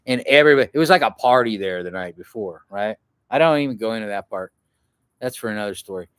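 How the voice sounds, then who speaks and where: Male outdoor vlogger, mid-pitched, smooth clear voice, dry close sound, loose profane storytelling. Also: no echo. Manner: rambling and profane, acts out what others shouted. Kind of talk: casual storytelling to camera.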